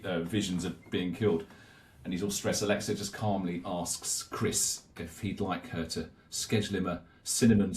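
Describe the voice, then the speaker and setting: A British man co-hosting a podcast, relaxed and rambling as he retells an advert. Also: on the low side. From Britain. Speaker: podcast co-host. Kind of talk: casual marketing discussion.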